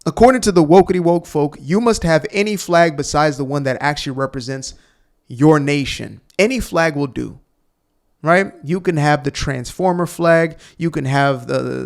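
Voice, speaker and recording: A man delivers sarcastic, mocking commentary as he reacts to clips on his channel. His voice sits a little high and carries a gravelly fry. The delivery stays pointed and opinionated.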